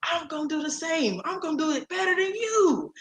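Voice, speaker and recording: A woman co-hosting a casual talk show, sassy and playful with drawn-out emphasis. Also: very high voice, animated. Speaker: co-host. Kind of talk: casual chat.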